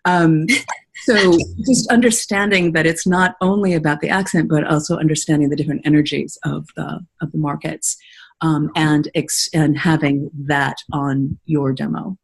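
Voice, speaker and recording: A woman's voice: deep voice, normal speed, husky, low-quality recording. An American woman hosting a casual webinar Q&A as a voiceover coach, chatty and laughing easily as she tells stories. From United States.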